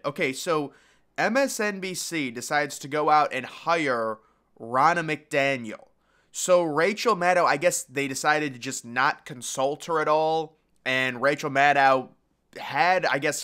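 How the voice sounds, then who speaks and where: Bright, crisp-voiced man commentating. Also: medium pitch. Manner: opinionated, sarcastic, mocking impressions. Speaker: political commentator. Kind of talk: casual political commentary.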